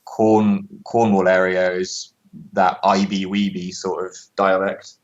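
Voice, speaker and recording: A British man talks in an easy, measured way, explaining things in a casual chat. His voice sits fairly low. The recording sounds dull and lo-fi, like a remote call. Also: level tone. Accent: British English. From England. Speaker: co-host.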